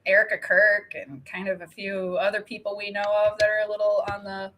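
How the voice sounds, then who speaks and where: Bright-voiced chatty woman. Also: mid-range voice, brisk, slight background noise. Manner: chatty, animated, swearing, laughs often. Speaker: co-host. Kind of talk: casual chat.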